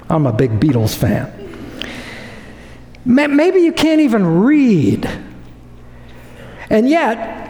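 A man's voice: high voice, warm tone. A man preaching a sermon, emphatic and repeating phrases for effect. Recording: echoey hall with long reverb.

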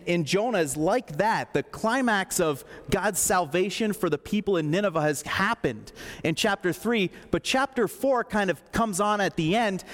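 A man with a high voice preaches in an easy, chatty manner and cracks jokes along the way. His voice carries through a church hall with a long reverb tail. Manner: conversational, joking preaching. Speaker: pastor. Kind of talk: sermon.

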